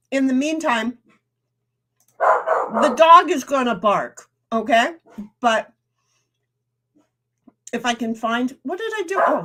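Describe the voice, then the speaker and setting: A woman streamer in casual rambling chat, reading viewer comments aloud and talking while eating. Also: a little high.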